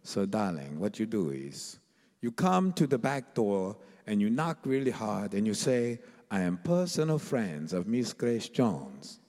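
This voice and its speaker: A man's voice: on the low side, big pitch swings, unhurried, a little mellow, long reverb tail, voice pushed down. A grand drawling diva, as a man puts her on.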